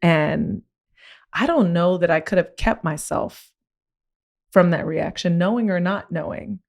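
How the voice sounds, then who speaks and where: A woman hosting a podcast talks through a personal story with casual, slangy candor. Her voice sits on the low side. When she gets excited it climbs and speeds up. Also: a little slow, vocal fry. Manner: animated, rising pitch when excited. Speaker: podcast host. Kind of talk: candid conversational storytelling.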